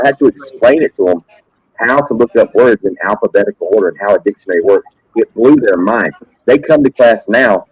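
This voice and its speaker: Husky low-voiced man telling stories. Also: dry recording, lo-fi sound. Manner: animated anecdotes with frequent repeats. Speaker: substitute science teacher. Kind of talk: casual storytelling on a live stream.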